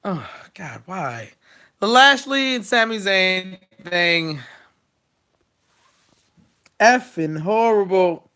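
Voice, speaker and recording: High bright-voiced sarcastic male reviewer. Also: big pitch swings, takes it slowly, clean tone. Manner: sarcastic, exasperated ranting. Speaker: wrestling show reviewer. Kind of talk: casual opinionated recap.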